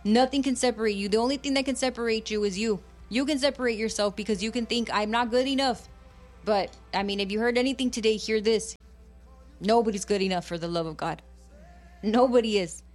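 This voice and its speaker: Fervent woman preacher, high voice. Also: brisk, faint music behind. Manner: fervent, switches between English and Spanish. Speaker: radio preacher. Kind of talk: bilingual sermon.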